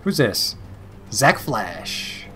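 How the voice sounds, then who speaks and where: A man's voice: mid-range voice, big pitch swings, drawn-out words, pushed and bright, faint music behind. A man hosting a let's play, reading game text and making dry, wry remarks. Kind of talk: casual gaming commentary, reading game text aloud.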